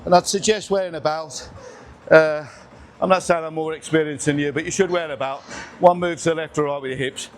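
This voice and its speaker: Chatty gym man, slightly high voice. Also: fairly even intonation, fairly quick, a little hiss or hum. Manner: chatty, banters, counts reps aloud. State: out of breath between sets. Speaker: gym vlogger. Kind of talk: casual chat while training. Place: busy gym, indoors. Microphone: camera on tripod nearby.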